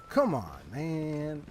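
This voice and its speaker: A man's voice: on the high side, darkish tone. A man talking casually through a first-time game playthrough, chatty and full of slang, laughing often. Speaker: gaming YouTuber. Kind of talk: casual let's-play commentary. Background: game music.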